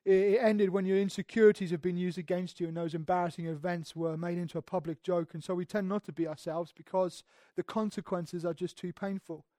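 A male pastor preaching a sermon in a church, earnest, moving between hushed passages and emphatic ones and often restarting his words. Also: high voice, level tone, a little fast, hardly any pauses, no room sound, clean studio sound. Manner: repeats words when restarting.

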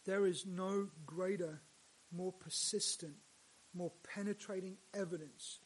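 A male pastor preaching a sermon, dropping to hushed lines and rising to loud, emphatic ones. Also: high voice.

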